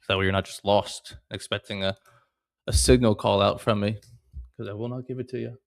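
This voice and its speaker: A man's voice: on the low side, fairly even intonation, brisk, creaky, dry recording, clean studio sound. A man coaching viewers on a live trading stream in a direct, matter-of-fact way. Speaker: trading educator and stream host. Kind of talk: casual livestream instruction.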